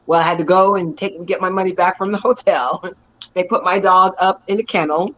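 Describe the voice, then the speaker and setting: Excited woman telling stories, dull audio. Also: fairly low pitch, brisk. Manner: animated, laughs often, lively storytelling. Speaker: actress and stunt performer. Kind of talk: excited storytelling in an interview.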